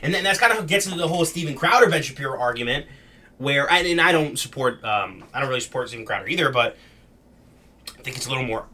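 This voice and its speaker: A man's voice: medium pitch, animated, fast, sharp tone. A young man giving blunt, slangy political commentary as he reacts to video clips.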